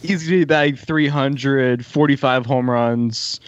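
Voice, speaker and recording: A man's voice: medium pitch, steady tone, measured pace, dry recording, highs cut off. A man co-hosting a casual podcast, swearing freely and speaking bluntly. He stalls with fillers when unsure of himself. The recording is close and dry, with no room sound. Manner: blunt, profane, hesitant fillers. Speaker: podcast co-host. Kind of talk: casual chat.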